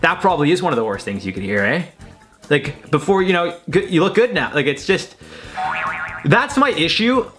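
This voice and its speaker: Man, host, higher voice, casual rambling commentary, swears freely, faint music behind. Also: very animated, normal speed. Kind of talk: casual commentary reacting to tweets. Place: his own room at home.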